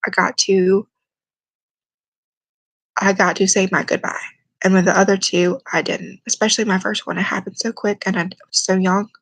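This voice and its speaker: A young woman telling a personal story to camera, speaking quietly and haltingly, close to tears. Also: mid-range voice, little pitch movement, vocal fry, no room sound, low-quality recording. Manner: quiet, halting, emotional, holding back tears. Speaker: vlogger.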